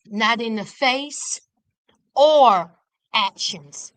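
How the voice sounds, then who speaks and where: A woman giving sassy, animated casual commentary on a reality TV show. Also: extremely high pitch, a little slow, no echo. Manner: sassy, animated, Southern slang.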